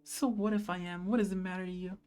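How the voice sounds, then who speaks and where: A woman's voice: fairly low pitch, fairly even intonation, fast talker, darkish tone, smooth, soft background music, lightly acted. A woman voicing a teenage schoolboy who answers curtly and defensively.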